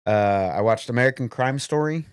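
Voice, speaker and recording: A podcast co-host rambles and swears in casual chat while trying to recall names. His mid-range voice is clear and resonant, moderately paced, with clean studio sound and no echo.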